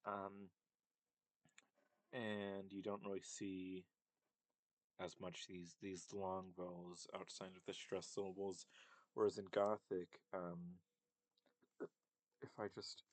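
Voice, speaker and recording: A man's voice: sits low, flat delivery, slow pace, pauses often, no room sound. A man giving a casual linguistics lesson, hesitant and full of fillers and self-corrections. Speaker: language teacher.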